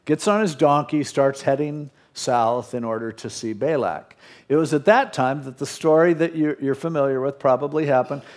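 A man's voice: medium pitch, normal speed. A male pastor preaching a sermon, retelling scripture in casual modern speech.

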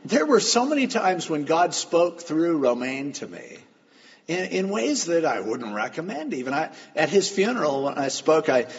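Gravelly, lively male pastor preaching. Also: fairly high pitch. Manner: storytelling, shifting between quiet asides and loud emphatic lines. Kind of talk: sermon. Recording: long hall reverb, dull lo-fi sound.

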